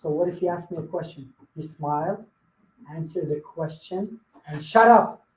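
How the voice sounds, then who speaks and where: A man's voice: on the high side, steady tone, moderate pace, dark tone. A man coaching salespeople in a live workshop, emphatic and playful, hammering his points home with repetition. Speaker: sales trainer. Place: meeting room with audience. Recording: echoey room.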